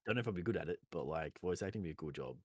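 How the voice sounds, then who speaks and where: Low-voiced male podcast co-host, playful, dry close recording. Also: animated, racing, darkish tone, dry recording. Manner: jokey, breaks into silly put-on accents. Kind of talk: casual chat.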